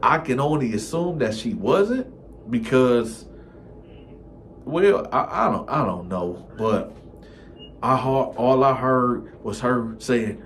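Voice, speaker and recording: A man's voice: medium pitch, slow pace, a little hiss or hum. Laid-back slangy man telling a story. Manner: animated, slangy, acts out the characters. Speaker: storytime host. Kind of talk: casual storytelling.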